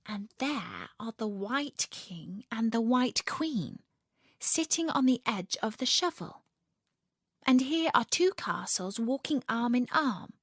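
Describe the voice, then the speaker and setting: Woman doing young alice, gentle and hushed, curious little girl in a storybook, lively lilt. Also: on the high side, slow pace, dry recording, studio quality, exaggerated voice. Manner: gentle, often hushed and whispery.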